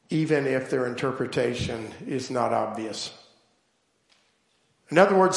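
A man preaching a sermon, telling stories slowly and deliberately and building to emphatic points. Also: medium pitch, vocal fry, echoey room. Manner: slow, deliberate storytelling with emphatic build-ups.

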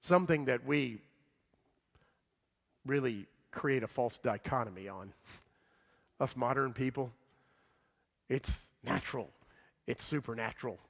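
A man preaching a sermon, dramatic, swinging from loud outbursts to hushed lines and acting out the voices in the story. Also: mid-range voice, a little slow, vocal fry, long pauses, big-room sound. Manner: acts out quoted voices in the story.

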